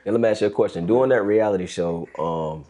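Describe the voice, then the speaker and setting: A man co-hosting a casual interview who asks relaxed follow-up questions. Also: on the low side, fast talker. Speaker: podcast co-host.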